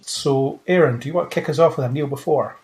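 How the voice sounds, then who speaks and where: A man's voice: mid-range voice, fast talker, loud music behind the voice. A man hosting a podcast, opening with a playful scripted intro and then chatting casually with his co-hosts. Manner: playful, jokey sci-fi banter. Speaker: podcast host.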